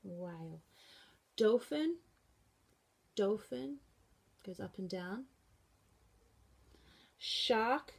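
A woman teacher explaining sign language for animals, slowly and patiently saying each word aloud as she signs. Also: mid-range voice, expressive, creaky, breathy edge. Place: school room.

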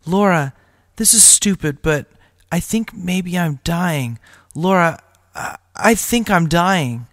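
A wounded teenage boy who pleads in a strained, desperate voice, pitched well above the reader's own. A man acts him out. The recording is dry and close. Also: lively intonation, takes it slowly, fairly bright tone, no echo, full character voice.

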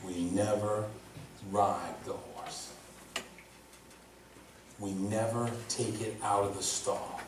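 A male pastor preaching a sermon, telling a story with lively, laughing delivery. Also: fairly low pitch, slow, pauses often, background noise. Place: church. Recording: echoey hall from far off.

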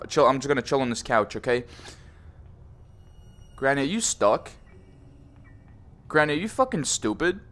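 A man's voice: mid-range voice, big pitch swings, normal speed, pauses often, a bit bright. A young man commenting on a horror VR game, joking, swearing and teasing, often saying bro. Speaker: gaming YouTuber.

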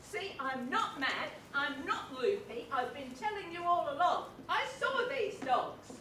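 A woman on stage playing a flighty, excitable posh lady of the manor, heard from far off in an echoey theatre. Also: high voice, unhurried, slight background noise, exaggerated voice. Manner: excitable, shrieking, dramatic. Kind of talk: amateur stage acting.

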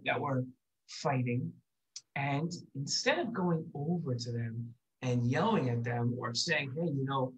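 A man hosting a children's show, telling a story and acting out the characters with lively voices. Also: mid-range voice. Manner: animated, acts out characters in raised voices. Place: synagogue video set.

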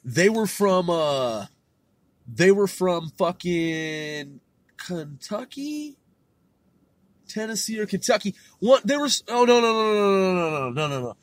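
A California man hosts a podcast in a casual profane monologue, his voice high-pitched with big swings in pitch and an unhurried pace on a dry recording. He talks in a laid-back, slangy way, swearing a lot and laughing often.

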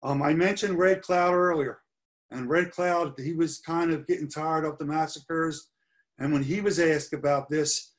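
Middle-aged male lecturer, slightly high voice, earnest history talk over slides. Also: steady tone, a little slow. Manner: earnest, stresses key points with repetition. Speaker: history presenter.

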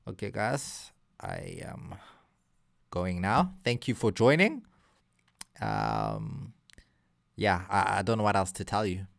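Excitable guy reacting. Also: on the low side, takes it slowly, creaky, long pauses. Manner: excitable, loose, talks to viewers directly. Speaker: music video reaction host. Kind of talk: casual reaction commentary. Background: faint hip hop from the video.

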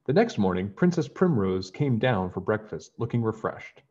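A man reading a children's picture book aloud in a gentle storytelling manner, then chatting to his young listeners. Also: fairly low pitch, very animated, moderate pace, lo-fi sound, a little hiss or hum.

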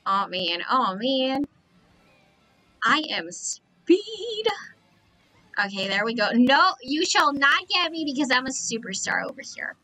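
Excitable high-voiced streamer woman. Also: moderate pace, soft background music, rough recording. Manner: excitable, repeats exclamations. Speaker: live streamer. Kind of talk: excited gameplay commentary.

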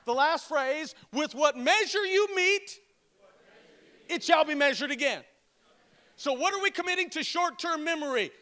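Male pastor, sermon delivery: very high, bright, forceful voice; call-and-response, slow, stressed scripture reading. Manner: emphatic call-and-response preaching; slows and stresses each word when reading scripture.

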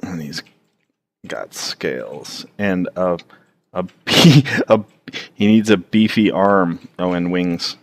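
Drawing live on stream, this man speaks in a low-pitched, expressive voice. His commentary is casual and meandering, full of profanity, and he keeps stalling and drifting into fillers.

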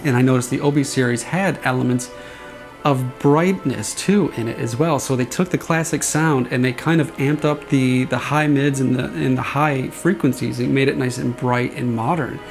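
A man with a medium-pitched, creaky voice talks at a normal pace while faint music plays behind him. He's a saber sound font designer giving a casual demo, rambling a bit as he explains how he built a sound and mimics the swing noises out loud.

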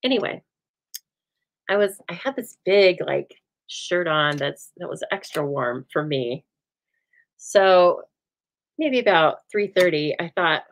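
Female craft host, lowish voice, animated, rambling talker, live from her home craft room. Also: unhurried, highs cut off. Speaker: host of a live stamping show. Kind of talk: chatty live crafting demo.

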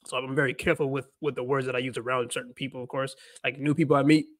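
A man's voice: mid-range voice, flat delivery, very fast, dry recording. A man hosting a casual livestream, rambling and repeating himself while mixing in Spanish phrases. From United States. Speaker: livestream host, language learner.

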